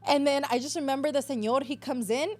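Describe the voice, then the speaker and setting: A woman's voice: high-pitched, fairly quick, a little mellow. A woman in her twenties, a podcast guest, telling a story in casual chat, switching between English and Spanish, swearing freely and acting out quotes.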